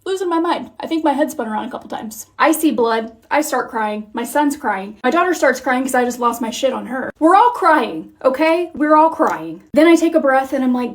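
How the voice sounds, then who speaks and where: A woman's voice: high voice, a little fast, few pauses. Candid, swearing mom vlogger woman. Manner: candid, profane, animated storytelling. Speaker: mom content creator. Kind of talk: confessional vlog monologue.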